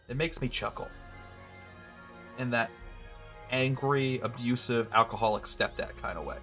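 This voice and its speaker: A man's voice: medium pitch, steady tone, unhurried, long pauses, soft background music. Sarcastic male gamer reacting live. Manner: sarcastic, reacts loudly with laughter. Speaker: gaming streamer. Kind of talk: live gameplay commentary.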